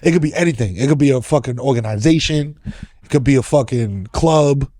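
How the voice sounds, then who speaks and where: A man's voice: mid-range voice, brisk, mellow, dry recording. A man hosting a podcast, talking casual and profane, laughing a lot and mimicking other people's voices. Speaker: podcast host.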